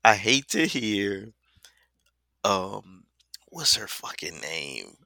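A man's voice: fairly low pitch, sing-song, extremely slow, gravelly, pushed and bright, no echo. A man co-hosting a casual podcast, blunt and mocking in his opinions. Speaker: podcast co-host.

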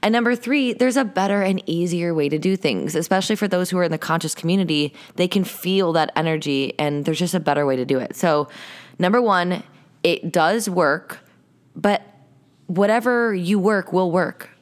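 A woman's voice: fairly low pitch, moderate pace. A young adult woman hosting a solo podcast, chatting casually and coaching with an upbeat, playful tone. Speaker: podcast host and sales coach.

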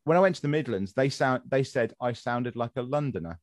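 A man's voice: medium pitch, lively intonation, a little fast, dry recording, clean studio sound. A young English man hosting a casual podcast chat, rambling with lots of fillers and restarts. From England. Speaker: podcast host.

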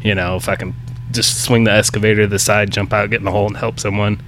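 A man's voice: on the low side, little pitch movement, fast, a bit bright, slight background noise. A man hosting a podcast, telling job-site stories casually and swearing freely. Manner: swears freely, acts out quotes. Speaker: podcast host. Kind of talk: casual storytelling chat.

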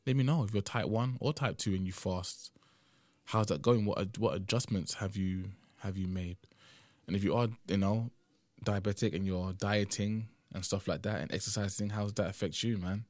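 In a dry recording, a young UK podcast host talks at normal speed in a fairly low, slightly mellow voice. His solo show is casual and rambling, peppered with "man," and he comes across as sleepy and worn out.

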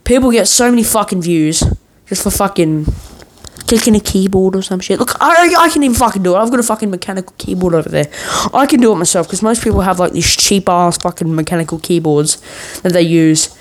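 A man's voice: high-pitched, fairly quick. A man in a worked-up, profane ranting monologue, swearing nearly every sentence as a vlogger.

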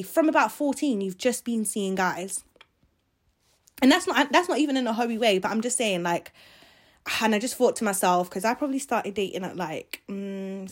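A young woman hosting her own podcast in casual solo chat, rambling and leaving sentences unfinished. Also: medium pitch. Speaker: podcast host.

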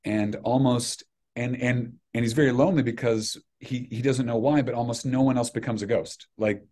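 A middle-aged man talking as a podcast guest, an animated, self-deprecating storyteller who restarts his sentences a lot. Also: medium pitch, normal speed. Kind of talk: casual chat.

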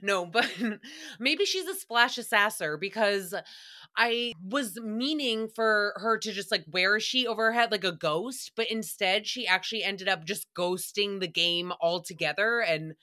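A woman's voice: mid-range voice, unhurried, sharp tone. A young woman hosting a podcast recap, chatting casually in a profane, rambling way and laughing easily. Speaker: podcast host.

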